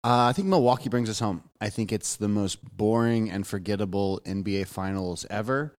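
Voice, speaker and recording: A man's voice: lowish voice, a little fast. Chill guy on a sports podcast, kinda hesitant, laid back. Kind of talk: casual sports chat.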